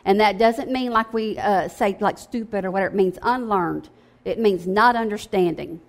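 A woman's voice: medium pitch, moderate pace, vocal fry. A woman preaching a sermon in a conversational, emphatic way, often checking in with "okay?".

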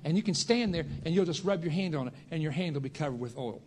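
A preacher man telling a folksy testimony to a congregation, building into shouted fervor. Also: fairly high pitch, animated, quick pace.

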